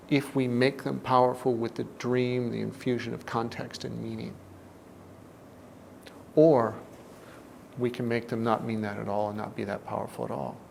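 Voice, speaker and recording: Man, self-help teacher; gravelly, measured delivery that sinks soft and low. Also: slight background noise. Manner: deliberate, often drops to a soft, low tone. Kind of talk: reflective teaching talk.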